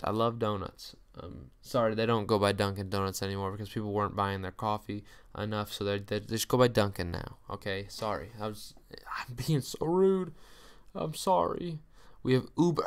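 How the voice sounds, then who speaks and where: A man's voice: mid-range voice, smooth. A man running through stock earnings in casual solo commentary, joking, ranting at companies and then apologizing. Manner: chatty, jokey, apologizes for mock rants. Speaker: stock market YouTuber.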